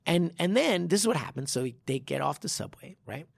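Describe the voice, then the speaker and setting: Gravelly-voiced man telling a martial-arts story. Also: on the high side, fairly quick, no room sound. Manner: animated storytelling with swearing and restarts. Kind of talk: casual podcast chat.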